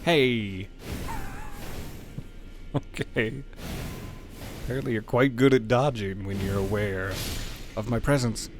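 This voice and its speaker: A man's voice: medium pitch, takes it slowly, pauses often, over music. A man streaming a video game, talking casually and playfully to the game and his chat, sometimes reading item text aloud in a mock-dramatic way. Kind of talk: casual gameplay commentary.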